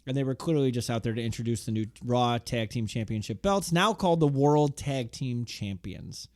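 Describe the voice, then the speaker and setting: Easygoing male co-host, mid-range voice, deadpan asides. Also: mid-range voice, moderate pace, dry recording. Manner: easygoing, agreeable, dry jokey asides. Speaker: podcast co-host. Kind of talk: casual podcast chat about wrestling.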